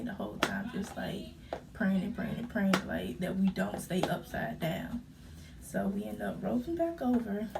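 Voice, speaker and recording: A young woman vlogger shares her story in a casual video, her mid-range voice gravelly with vocal fry. She speaks in halting bursts packed with fillers, holding back tears. The mic is a bit distant, and a faint room hum sits underneath.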